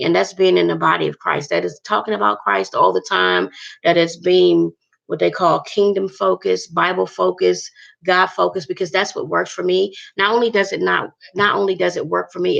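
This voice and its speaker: A woman's voice: fairly low pitch, fairly even intonation, normal speed, creaky, fairly bright tone, lo-fi sound. A woman vlogger talking earnestly to her viewers about faith, rambling and repeating herself.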